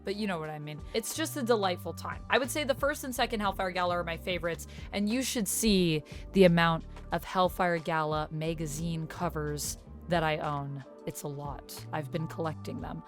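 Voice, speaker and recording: A woman's voice: lowish voice, normal speed, soft background music. A woman YouTuber chatting casually in a reaction vlog, gushing as a self-described fan.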